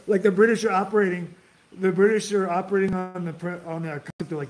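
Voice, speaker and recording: A man's voice: high-pitched, fairly even intonation, fast. A man giving a casual, rambling history talk, loose and profane, full of filler words and restarts.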